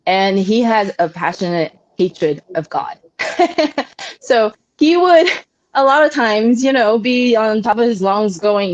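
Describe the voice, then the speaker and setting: A woman talking as an interview guest, telling stories in a lively way and laughing often. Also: on the high side, takes it slowly, highs cut off. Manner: laughs often, animated storytelling. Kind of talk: casual interview conversation.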